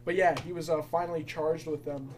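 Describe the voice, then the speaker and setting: Casting: young male podcast host, loose and rambly, slightly high voice, friends chattering nearby. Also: steady tone, a little fast, crowd noise. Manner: loose, laughing, rambling with fillers. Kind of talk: casual chat.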